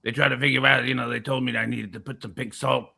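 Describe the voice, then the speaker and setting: A man doing an impression of a gruff conspiracy radio host who boasts and pushes his products, with a gravelly rumble in the back of his throat. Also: level tone, fast, a crowd in the background. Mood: boastful.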